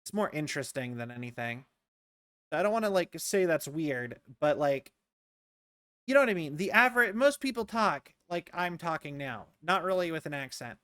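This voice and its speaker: Live streamer from rural US, loose chatty ramble, crisp voice, dry close mic. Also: mid-range voice, expressive, normal speed, bright, forceful tone, no echo. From rural United States. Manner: rambling, many "like"s and restarts, amused. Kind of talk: casual chat while streaming a game.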